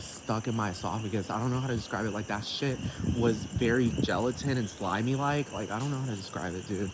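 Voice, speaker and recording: A man's voice: fairly low pitch, noisy background. Rambling, profane man ranting alone. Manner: rambling, profane, keeps asking "you know what I'm talking about". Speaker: podcast host. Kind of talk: casual solo rant. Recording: echoey outdoor recording with crickets.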